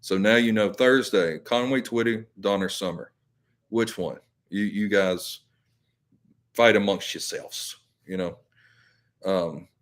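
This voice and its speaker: Man, deep voice, casual live chat, rambling, lots of fillers. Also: fairly bright tone. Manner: rambling, filler-heavy, self-correcting. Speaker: YouTube channel host.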